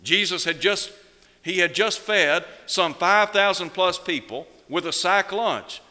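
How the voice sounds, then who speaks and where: Bright-voiced preacher in a reverberant hall. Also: male voice, sits high. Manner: measured preaching, slows down for emphasis, rhetorical questions. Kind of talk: sermon.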